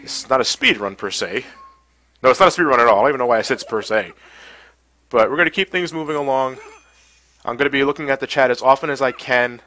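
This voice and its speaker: A man's voice: medium pitch, very animated, fast talker, sharp tone, low-quality recording. Stuffy-nosed man hosting a game stream. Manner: chatty, laughs often, reads chat aloud. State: stuffy from a cold. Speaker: livestream host. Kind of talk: casual gameplay commentary.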